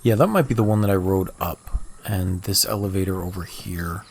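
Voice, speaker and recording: Male game streamer, lowish voice, relaxed think-aloud chatter to chat, slight cough. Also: brisk, a little hiss or hum. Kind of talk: casual livestream chat.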